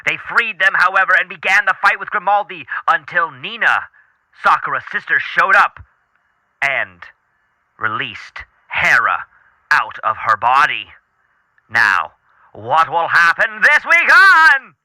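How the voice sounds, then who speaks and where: Brief: male recap narrator, very bright and forceful, slightly high, dry. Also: big pitch swings, measured pace, dry recording, low-quality recording. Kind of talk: scripted narration.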